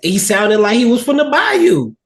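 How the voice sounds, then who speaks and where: A man's voice: very high-pitched, big pitch swings, normal speed, gravelly, a loud crowd. A man adding short, agreeable reactions to a casual movie podcast chat.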